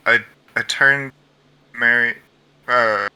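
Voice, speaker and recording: A man's voice: mid-range voice, fairly even intonation, slow, sharp tone, clear, resonant tone, no room sound. A man playing in a tabletop game, asking questions hesitantly, full of fillers and restarts. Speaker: player.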